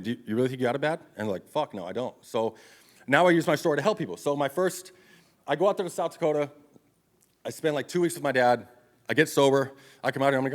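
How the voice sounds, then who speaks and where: A man in his thirties giving a live motivational speech to an audience, telling his life story in a blunt, profane, confessional way. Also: on the high side. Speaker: motivational speaker. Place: event stage before an audience.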